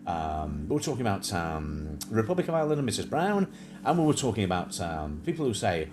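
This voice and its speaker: Rambling low-voiced man, lively. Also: quick pace, echoey room, slight background noise. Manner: rambling, many fillers, breaks into sung snatches and mimicked accents. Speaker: livestream host. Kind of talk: casual chat.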